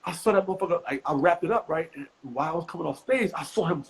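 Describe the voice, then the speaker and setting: A middle-aged man from the US East Coast, a comedian guest telling profane stories with animated, high-pitched acted quotes. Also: fast talker, breathy edge, rough recording. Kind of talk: animated storytelling.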